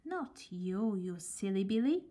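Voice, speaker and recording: A woman voicing a fussy male doctor in a storybook reading, giving brisk instructions. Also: medium pitch, big pitch swings, warm tone.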